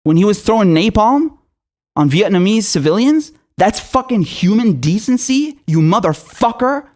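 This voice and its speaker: A man's voice: sits high, big pitch swings, moderate pace. Furious profane man ranting. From Syria. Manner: furious, profane, shouting rhetorical questions. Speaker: political commentator. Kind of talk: angry political rant.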